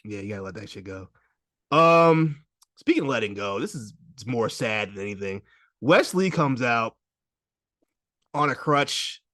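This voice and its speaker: A man hosting a casual wrestling podcast, talking in an animated way, laughing often and restarting his sentences. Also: mid-range voice, measured pace, long pauses, no echo, studio quality. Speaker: podcast host.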